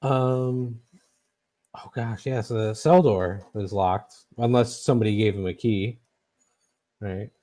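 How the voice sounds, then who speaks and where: Male game master, low mellow voice, hesitant with fillers. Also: takes it slowly, long pauses. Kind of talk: narrating a tabletop game.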